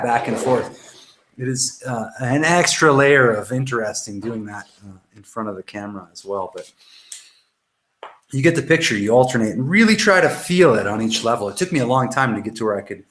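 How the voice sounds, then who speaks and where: A man's voice: mid-range voice, expressive, fairly quick, fairly bright tone. A man coaching a self-help workshop, talking loosely and swearing freely as he demonstrates exercises to camera. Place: indoor room. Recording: roomy echo, faint noise.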